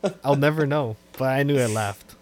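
A man's voice: medium pitch, brisk. Man, easygoing podcast co-host. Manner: relaxed, trailing off, laughs often. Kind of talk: casual chat.

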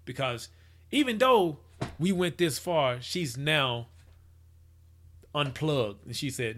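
A man's voice: on the high side, lively intonation, takes it slowly, long pauses, a bit bright. A man giving rambling, casual commentary as he reacts to a photo project, with many restarts and hypotheticals. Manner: acts out quoted people in his voice.

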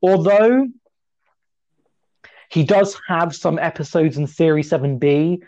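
A man of twenty co-hosting a casual podcast chat, talkative and self-deprecating, his pitch often jumping up. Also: slow, dull audio. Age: 20s. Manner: chatty, self-deprecating, lively pitch jumps. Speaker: podcast co-host.

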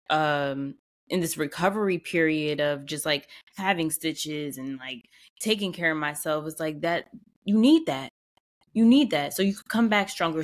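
A woman hosting a casual, faith-based motivational talk, speaking conversationally, repeating phrases for emphasis and laughing often. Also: fairly low pitch. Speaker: podcast host.

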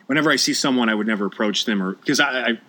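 A man hosting a casual interview, speaking haltingly and often repeating words as he puts his thoughts together. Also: medium pitch, sharp tone. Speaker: podcast host.

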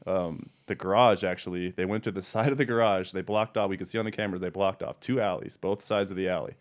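A man hosting a casual podcast, telling stories about his cannabis dispensary in a profane, animated way. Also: low-pitched, quick pace. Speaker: podcast host and dispensary owner.

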